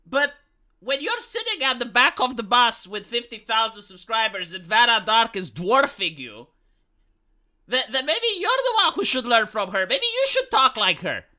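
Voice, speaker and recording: A man's voice: very high voice, sing-song, moderate pace, pushed and bright. A man hosting a casual reaction commentary, rambling and sarcastic, swearing freely and restarting his sentences often. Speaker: YouTube commentary host.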